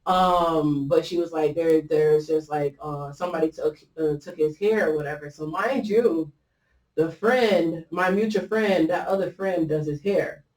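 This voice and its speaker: A woman's voice: low-pitched, measured pace, a little mellow. A woman host telling a personal story in a casual, rambling way, with many fillers and restarts as she quotes what others said. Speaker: podcast host. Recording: roomy echo, mic at a distance.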